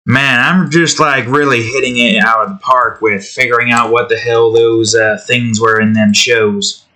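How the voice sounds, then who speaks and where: A man's voice: medium pitch, steady tone, moderate pace, bright, forceful tone. A man hosting his own channel, chatting casually to himself as he draws, trailing off and thinking aloud. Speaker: channel host drawing on stream. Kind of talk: casual rambling commentary while drawing.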